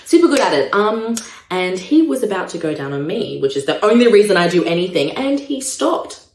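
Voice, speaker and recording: A young Australian woman doing a stand-up comedy set, self-mocking with deadpan asides. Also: mid-range voice, fairly quick, roomy sound. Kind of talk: stand-up comedy set, live-streamed from home.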